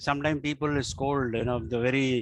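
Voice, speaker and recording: A man tutoring one student casually, halting with many fillers and restarts. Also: mid-range voice, flat delivery, no room sound. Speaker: language teacher.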